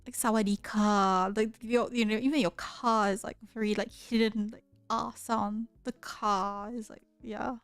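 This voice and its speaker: Malaysian accent, woman, young adult, casual stream chat, laughs easily, many restarts, dry sound, soft background music. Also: a little high, flat delivery, normal speed, vocal fry, hardly any pauses, clear, resonant tone, no echo. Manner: curious, chatty, laughs often, many restarts. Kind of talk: casual livestream chat with viewers. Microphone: close studio mic.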